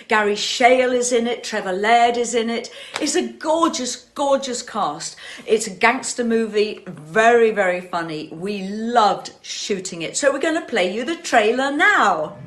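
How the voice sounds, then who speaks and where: A woman's voice: fairly high pitch, a little slow, a bit bright. A woman in her sixties hosting a chat show, talking enthusiastically with emphatic repetitions. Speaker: show host and singer. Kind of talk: casual chat to camera.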